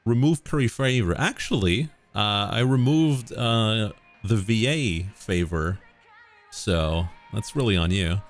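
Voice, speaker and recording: Gravelly, animated male streamer reading game text aloud with quips, dry sound over faint music. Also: on the low side, takes it slowly. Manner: reads narration, then drops into joking asides. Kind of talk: live-stream reading with asides.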